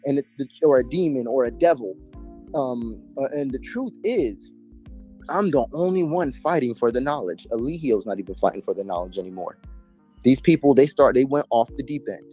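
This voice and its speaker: A man's voice: mid-range voice, lively intonation, normal speed, mellow, soft background music. A man telling his story in a casual interview, emphatic and heavy on slang and swearing. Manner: emphatic, profane, street slang. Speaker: interview guest.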